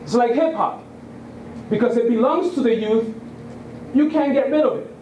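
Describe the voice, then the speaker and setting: Man, 30s, from Puerto Rico, high-ish voice, chatty speaker style; echoey room. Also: moderate pace, darkish tone, distant mic, slight background noise. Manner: conversational storyteller, keeps asking "right?". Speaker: guest speaker. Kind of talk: public talk. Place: lecture room.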